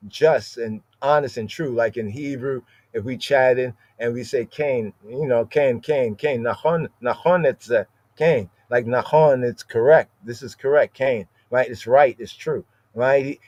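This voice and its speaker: On a podcast Bible study, a man walks through a scripture passage word by word, frequently checking in with "right?". His mid-range voice is a little mellow, and the sound is dull, lo-fi and dry with no echo.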